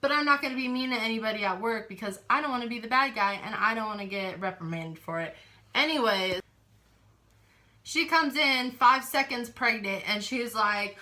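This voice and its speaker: A woman's voice: a little high, normal speed, pushed and bright. A young woman venting to her camera in a casual rant, blunt, sarcastic and full of swearing. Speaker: vlogger.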